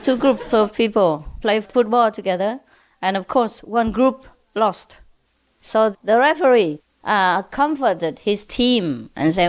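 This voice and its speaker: A woman telling a series of jokes in an unhurried, chuckling storytelling manner. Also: mid-range voice, expressive. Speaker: spiritual teacher.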